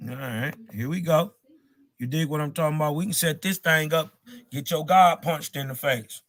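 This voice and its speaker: A man's voice: a little high, normal speed, a bit bright, no echo. A man hosting a live stream, slangy and combative in a heated debate, cutting in and talking over his guest. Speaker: livestream host.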